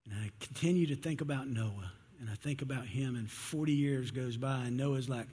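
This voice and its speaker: A man's voice: mid-range voice, normal speed, warm tone, slightly rough, long reverb tail. A man preaching a sermon in church, telling a story and acting out its characters. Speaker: pastor.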